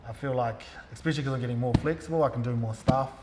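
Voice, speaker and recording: A man with a New Zealand accent, a gym coach talking casually and explaining technique in a relaxed, slangy way. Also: medium pitch, very fast, noisy background. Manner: relaxed, slangy, lots of fillers. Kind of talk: casual interview and technique instruction. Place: gym hall. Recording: echoey gym hall.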